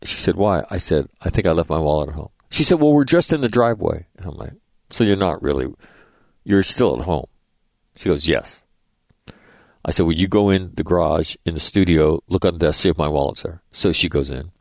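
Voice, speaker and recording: A man's voice: deep voice, expressive, fairly quick, gravelly, dry recording. A middle-aged man hosting a radio show, telling rambling, profane anecdotes and acting out the dialogue in a casual monologue.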